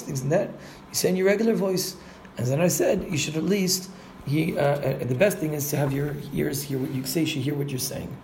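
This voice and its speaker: A man's voice: medium pitch, vocal fry, a little mellow, a little hiss or hum. A man, a rabbi, giving a spoken lesson on Jewish law, explaining step by step and glossing Hebrew terms in English.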